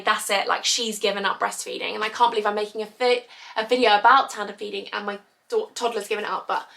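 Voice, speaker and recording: A woman's voice: a little high, creaky, fairly bright tone. A young mother chatting casually and openly, emotional and confessional as she talks. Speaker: vlogger. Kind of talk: casual chat.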